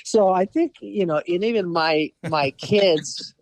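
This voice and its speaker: A man from Russia in his forties, speaking English with a Russian accent as a podcast guest. He tells stories with plenty of "you know" and acts out what others said. His voice sits a bit high and sounds close and dry. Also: a little slow, no room sound. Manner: animated storyteller, acts out quoted voices, frequent "you know". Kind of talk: casual storytelling interview.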